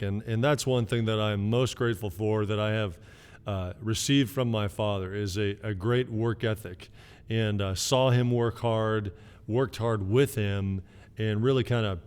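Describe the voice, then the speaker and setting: Low, smooth-voiced man telling family stories. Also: a little mellow, big-room sound. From Canada. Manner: rambling storytelling with many fillers. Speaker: son giving an anniversary message. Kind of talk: casual recorded video greeting.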